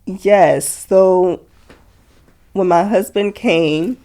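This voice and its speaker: A young woman telling her story as a guest in an interview, speaking softly with many fillers and quoted dialogue. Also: on the low side, very slow. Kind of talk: emotional personal interview.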